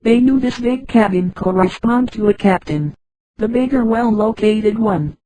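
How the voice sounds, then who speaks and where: A woman's voice: a little high, unhurried, slight background noise, poor audio. Synthetic female voice reading a story. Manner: flat text-to-speech reading that speaks punctuation names aloud. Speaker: narrator.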